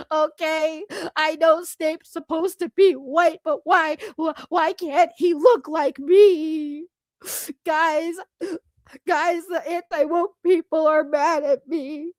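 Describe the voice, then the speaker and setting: A woman putting on the voice of a whiny, tearful woman streamer who begs for pity, with slow, drawn-out mock crying. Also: very high-pitched, no room sound. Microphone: computer microphone.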